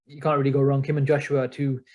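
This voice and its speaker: A man co-hosting a podcast in casual chat, excitable, laughing often and swearing freely. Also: mid-range voice, fast. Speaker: podcast co-host.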